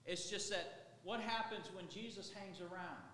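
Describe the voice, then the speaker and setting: High-voiced man preaching in a hall. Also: a little slow, pushed and bright, a little hiss or hum. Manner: conversational, rambling preaching with restarts. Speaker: pastor. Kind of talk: sermon. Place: church sanctuary. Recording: echoey hall with faint ambience.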